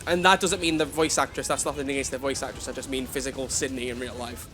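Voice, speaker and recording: A mid-range, steady, bright, and forceful voice belongs to a man streaming a video game at a quick clip. He casually chats with viewers, talks straight to the chat, and teases himself throughout, with faint background music.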